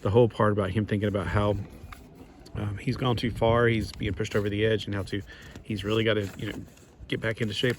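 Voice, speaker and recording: A man talks through a comic book review in a low voice, rambling, restarting sentences and griping with exasperation. His delivery is loose and unscripted. A faint hiss of noise sits under the recording. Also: level tone, brisk. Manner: rambling, full of restarts and asides. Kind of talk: casual review monologue.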